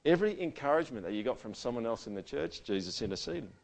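A man preaching a sermon to a church gathering. He talks conversationally and swings between loud emphasis and quiet, intimate passages. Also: mid-range voice, big pitch swings, fast, vocal fry. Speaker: pastor.

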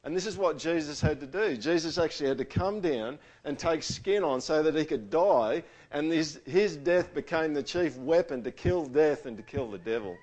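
A man preaching a conversational sermon, casual and animated, asking his audience questions. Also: on the high side, normal speed, hardly any pauses.

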